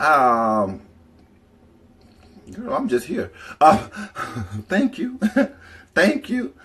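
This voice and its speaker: A man's voice: on the high side, very animated, takes it slowly, a bit bright. A man telling candid, profanity-filled stories on a casual livestream, rambling from one tale to the next and breaking off to greet viewers in the chat. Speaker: livestream storyteller.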